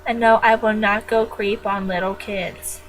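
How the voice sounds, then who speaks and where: A woman's voice: medium pitch, level tone, measured pace, fairly bright tone, a little hiss or hum, low-quality recording. A teenage girl chatting casually in her own vlog, rambling and jokey with frequent giggles. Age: teens. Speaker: vlogger.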